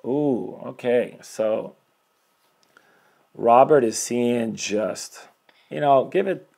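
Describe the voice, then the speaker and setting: Man in his forties, life coach, live stream at home, energetic, rambling, preachy, mid-pitched voice. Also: very slow, vocal fry. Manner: energetic, rambling, preachy, greets viewers as they join. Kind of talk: motivational live-stream talk.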